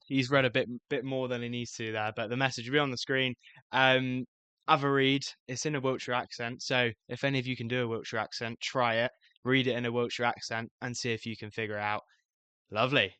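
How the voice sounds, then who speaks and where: A young man with a lilt hosts a casual podcast in a teasing, upbeat way. His voice is bright and smooth, and dry with no room echo. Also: medium pitch, level tone, brisk. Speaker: podcast host.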